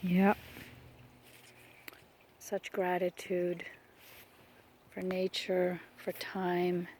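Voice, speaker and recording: This vlogger speaks extremely slowly in a low, monotone voice, with slight background noise, as she walks outdoors by a lake holding her phone. Her reflective ramble is soft-spoken and frequently drops to whispers.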